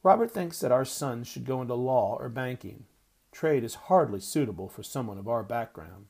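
A man's voice: mid-range voice, lively intonation, moderate pace, creaky, a little mellow, husky. A man voicing an older wealthy society matron who speaks in a genteel, flustered, airy way. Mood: haughty.

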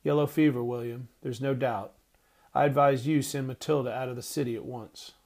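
A gruff, commanding doctor from an old storybook, put on by a male reader. He talks bluntly and sternly, in a voice of ordinary middle pitch, as if in charge of a sickroom. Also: fairly even intonation, normal speed, darkish tone, close to an everyday voice. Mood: grave.

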